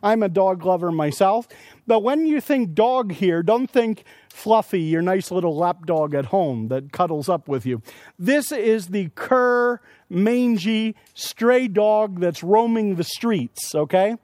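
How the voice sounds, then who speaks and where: A man's voice: high-pitched, expressive, slow pace, darkish tone, dry recording, clean studio sound. A man preaching a sermon at a conference, earnestly explaining scripture with everyday examples. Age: adult with young children. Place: conference session.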